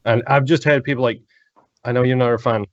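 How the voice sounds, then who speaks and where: A man's voice: mid-range voice, fairly even intonation, no echo. Chatty man on dull dry podcast audio. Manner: chatty, quick, many fillers like "like". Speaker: podcast co-host. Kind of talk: casual podcast chat about games.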